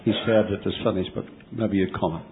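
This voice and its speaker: A man's voice: deep voice, a little fast. A man politely posing a question in a Bible study discussion. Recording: tinny phone-line recording with faint hiss.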